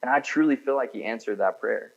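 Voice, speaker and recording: A man's voice: medium pitch, a little fast, vocal fry, husky, muffled recording. A man giving a sermon in a church, preaching in a casual, conversational way with frequent filler words. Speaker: pastor.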